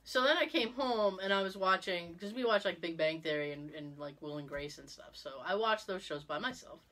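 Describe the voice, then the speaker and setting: A middle-aged woman hosting a podcast, telling stories in an animated, casual way with frequent laughs. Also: on the low side, fairly quick. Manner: animated storyteller, exclaims and laughs often. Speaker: podcast host. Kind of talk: casual chat.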